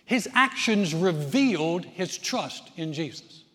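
A middle-aged man preaching a sermon in a folksy, conversational way, telling stories with lively emphasis. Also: sits high, takes it slowly, in a large hall. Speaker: pastor.

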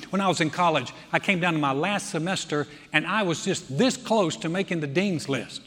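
A male pastor preaching a sermon, shifting from conversational talk to loud, fervent declaration. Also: on the high side, fairly quick, few pauses, big-room sound.

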